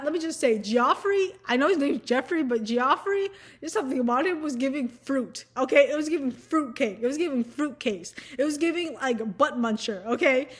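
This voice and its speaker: High-voiced woman rambling. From Southern United States. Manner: rambling, profane, giggly, lots of fillers. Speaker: vlogger. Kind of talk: casual chat.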